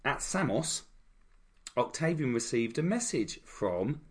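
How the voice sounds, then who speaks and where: A man's voice: mid-range voice, very animated, takes it slowly, breathy edge. A man co-hosting a casual history chat, retelling events with irreverent, jokey asides. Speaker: podcast co-host.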